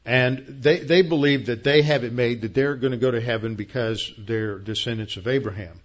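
A man preaching a verse-by-verse Bible lesson in a plain explaining tone, often pausing on fillers and restarting sentences. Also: mid-range voice, muffled recording. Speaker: pastor. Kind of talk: Bible teaching sermon.

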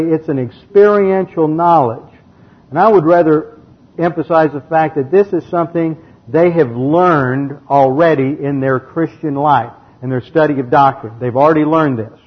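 A man teaching the Bible verse by verse, methodically explaining the grammar and reading passages aloud. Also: a little high. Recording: dull lo-fi recording.

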